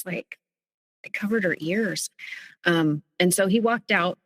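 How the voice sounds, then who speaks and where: Low-voiced woman telling her own story. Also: fairly bright tone, no room sound, big-room sound, poor audio. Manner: earnest and halting, often restarting sentences. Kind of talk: personal storytelling.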